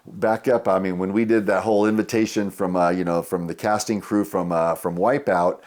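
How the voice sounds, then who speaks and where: A low-voiced man in his sixties. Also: steady tone, moderate pace. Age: 60s. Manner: rambling, warm anecdotes with many fillers. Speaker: podcast guest. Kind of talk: casual storytelling.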